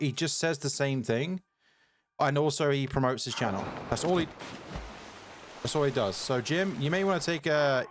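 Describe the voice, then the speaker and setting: A young man streaming a game live, annoyed and ranting at a viewer in chat, repeating himself as he talks. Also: mid-range voice. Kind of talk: live gameplay commentary. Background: game music.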